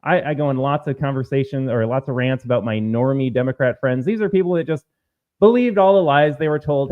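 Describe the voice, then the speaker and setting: A man's voice: medium pitch, brisk. A man hosting a political commentary show, talking in a combative, sarcastic way and mocking opponents with put-on quotes. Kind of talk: opinion commentary. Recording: phone-like narrow sound.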